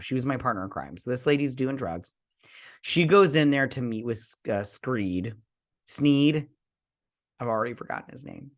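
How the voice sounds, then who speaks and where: A man's voice: mid-range voice, a bit bright. A man hosting a show, giving a casual spoken review of a TV episode in a rambling, chatty way, swearing now and then and briefly mimicking characters.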